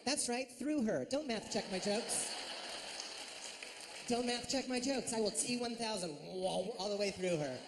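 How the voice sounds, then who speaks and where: A man performing a stand-up comedy set, animated and quick to leap into high shrill voices for his impressions. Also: noisy background. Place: comedy stage.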